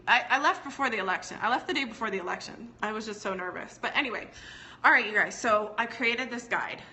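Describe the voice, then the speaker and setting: A woman's voice: mid-range voice, sharp tone, slight background noise. A woman teaching on a casual live stream. She talks in a chatty, digressive way, laughs often, and answers viewers' comments as they come in. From United States. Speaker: business educator hosting a live stream.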